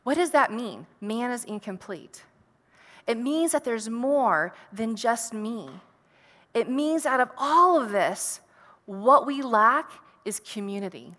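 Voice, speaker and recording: A woman's voice: a little high, lively intonation, slow, fairly bright tone, big-room sound. A woman preacher giving an earnest, reflective sermon, posing rhetorical questions to her listeners.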